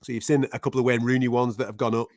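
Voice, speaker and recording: A man's voice: mid-range voice, level tone, very fast, a little mellow, dry recording, clean studio sound. A man with a Mancunian accent hosting a live show, talking in casual, laddish banter. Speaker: host.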